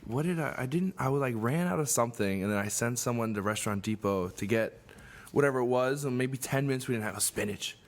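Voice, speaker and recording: A man's voice: medium pitch, quick pace. A man in casual chat on a bar stage, swearing and laughing as he tells a story. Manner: laughing, profane, animated.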